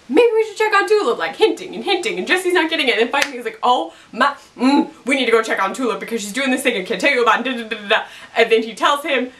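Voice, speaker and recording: A young woman chats through a TV episode recap, goofy and rambling, jumping into quick silly voices for the characters. Her voice sits high and bright, swinging up and down with lively energy. She sounds a little distant from the microphone. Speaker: TV recap vlogger.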